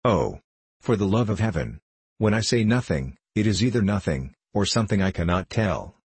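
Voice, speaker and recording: A man's voice: lowish voice, big pitch swings, moderate pace, darkish tone, husky, no echo, heavily acted. A man reading the part of a timid, peevish elderly village curate, fretful and pleading.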